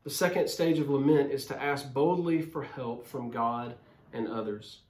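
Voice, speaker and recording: A man's voice: mid-range voice, moderate pace. A man preaching a sermon as a pastor, speaking earnestly and directly to his listeners through a phone camera. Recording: roomy echo.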